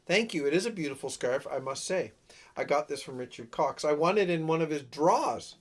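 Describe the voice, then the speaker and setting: A man's voice: on the high side, animated, brisk. A man hosting a casual live stream, rambling and self-deprecating, often losing his train of thought. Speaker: livestream host and singer-songwriter.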